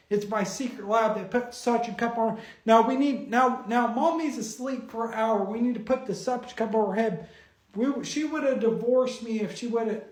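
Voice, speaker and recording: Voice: medium pitch, darkish tone. A rambling storyteller who giggles and trips over words in a middling voice. The voice echoes around a roomy space. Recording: roomy echo.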